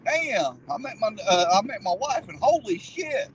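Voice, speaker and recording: A man telling rowdy stories with constant swearing, his high voice jumping all over the place. He sits in a car, with a faint hum of the vehicle behind him. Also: big pitch swings, moderate pace, low-quality recording. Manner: profane, laughing storyteller. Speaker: guest riding along. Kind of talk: casual chat.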